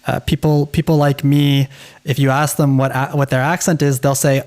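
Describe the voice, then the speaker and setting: A man with a General American accent talks at an ordinary middle pitch. He co-hosts a relaxed podcast, chatting easily and pausing on ums and restarts as he thinks aloud. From United States. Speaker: podcast co-host. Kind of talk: casual conversational podcast talk.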